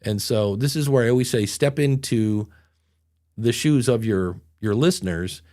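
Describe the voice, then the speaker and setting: A man's voice: mid-range voice, moderate pace, darkish tone. A middle-aged man hosting a podcast, telling stories in a rambling, self-deprecating way. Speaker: podcast host. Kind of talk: casual podcast chat.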